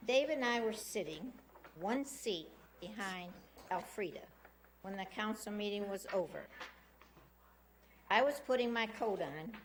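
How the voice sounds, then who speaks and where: A woman's voice: medium pitch, lively intonation, unhurried, pauses often. A woman giving a public comment at a city council meeting, insistently recounting an incident in detail from a podium microphone.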